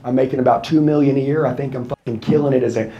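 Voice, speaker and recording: The recording is muffled, but a mid-range, mellow voice comes through at a quick pace and steady tone. It belongs to a sales trainer in his thirties giving a fired-up, blunt, profane, confrontational motivational talk to a full room.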